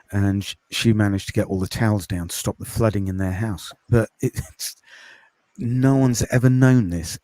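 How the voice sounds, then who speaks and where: A man from the UK, a podcast host and course creator, chatting in a quiet, calming voice with many ums in a casual interview over a video call. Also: fairly low pitch, no echo. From United Kingdom.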